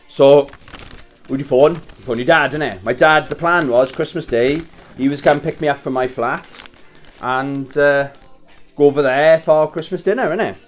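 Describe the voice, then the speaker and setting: Man in his thirties, casual storytelling, swears a lot, chuckles, slightly high voice, faint Christmas music behind. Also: measured pace. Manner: chats while wrapping presents. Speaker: vlogger. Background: Christmas music playing faintly.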